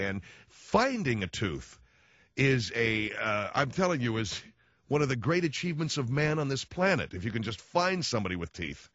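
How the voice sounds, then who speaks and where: A man's voice: mid-range voice, fairly bright tone, no room sound. A man hosting a radio talk show, rambling through a sarcastic, self-mocking comedic monologue. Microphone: studio microphone. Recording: dry, dull lo-fi radio studio.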